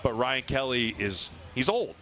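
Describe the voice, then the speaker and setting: A man co-hosting a podcast live on stage, telling animated stories in casual chat. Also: mid-range voice, unhurried, slight background noise. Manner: storytelling, animated. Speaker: podcast co-host, former lineman. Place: outdoor fair stage. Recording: live event with faint ambience.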